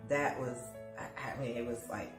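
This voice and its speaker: A woman guest telling her own caregiving story in conversation, animated, acting out dialogue and laughing as she goes. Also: very deep voice, moderate pace. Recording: roomy sound with music behind.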